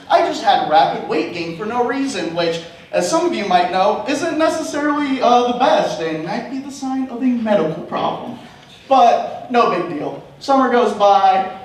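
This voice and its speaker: A young man doing open mic stand-up, rambling and self-deprecating, often laughing at his own jokes. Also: high-pitched. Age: young adult. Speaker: stand-up comedian. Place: comedy club stage. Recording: echoey room from far off, faint noise.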